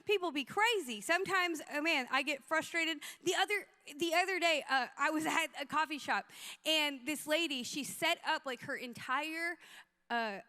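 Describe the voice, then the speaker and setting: A woman pastor telling funny stories in a sermon, animated and acting out the people she quotes. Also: sits high. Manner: animated, comic, acts out quotes. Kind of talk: storytelling sermon.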